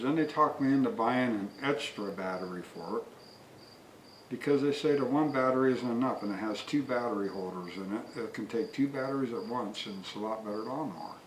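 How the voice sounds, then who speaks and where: A man's voice: mid-range voice, slight background noise. A man telling a rambling, folksy story before reviewing a product he bought, recorded outdoors with crickets faint behind him. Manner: folksy, long-winded. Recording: echoey, distant from the mic. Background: faint crickets and insects.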